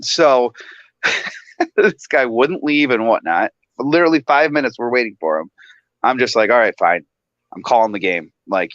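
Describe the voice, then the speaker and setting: A man on a casual talk show, animated and laughing often as he tells a story. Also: mid-range voice, no echo, muffled recording. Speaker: guest.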